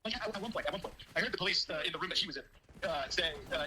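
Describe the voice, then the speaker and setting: A man's voice: sits high, fast, background noise. A man telling his side of a breakup on a live stream, rambling and quoting what others said. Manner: rambling, full of fillers, quotes others. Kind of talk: casual storytelling on a live stream.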